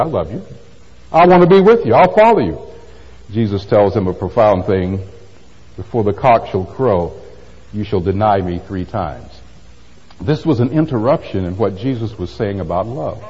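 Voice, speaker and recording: A man's voice: medium pitch, breathy edge. An older man giving a conversational sermon, posing rhetorical questions and adding wry asides. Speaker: pastor. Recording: dull lo-fi sound in a reverberant hall.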